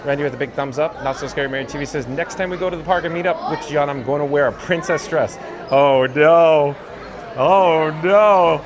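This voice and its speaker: A man's voice: fairly high pitch, fast, hardly any pauses. A man hosting a casual live stream while walking outdoors through a busy theme park, reading viewer comments aloud and thanking them. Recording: outdoor live stream with music and crowd behind. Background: park music and crowd noise.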